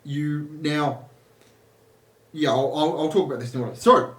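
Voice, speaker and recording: A man's voice: a little high, steady tone, normal speed, a bit bright, reverberant. A man talking casually as an energy healer, rambling with restarts and asides. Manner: rambling, with many restarts and laughs. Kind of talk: casual spoken monologue.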